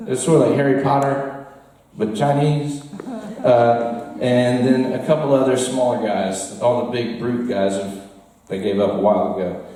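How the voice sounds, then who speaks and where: Male storyteller, mellow voice, roomy bar sound, mic at a distance, animated and laughing. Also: mid-range voice. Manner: animated, laughs through his story, chats with the crowd. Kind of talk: live storytelling to a bar audience. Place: bar with an audience. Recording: roomy echo, mic far off.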